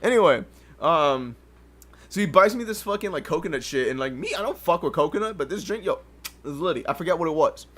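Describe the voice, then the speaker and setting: Animated, foul-mouthed young man telling stories. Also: a little high, fairly quick. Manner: animated, profane, laughs often. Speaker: podcast host. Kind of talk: casual storytelling. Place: home livestream setup.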